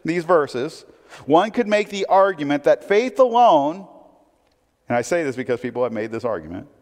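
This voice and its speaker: Guy preaching a sermon, lively up-and-down voice, tosses questions at the crowd, big reverby hall. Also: on the high side. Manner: conversational preaching with rhetorical questions. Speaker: pastor.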